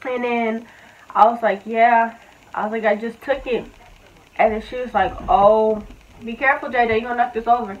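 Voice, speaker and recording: A woman's voice: fairly high pitch, fairly even intonation, moderate pace. A woman in her twenties casually telling a personal story, candid and blunt, full of fillers and swearing. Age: 20s. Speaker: vlogger. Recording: tinny, phone-like audio.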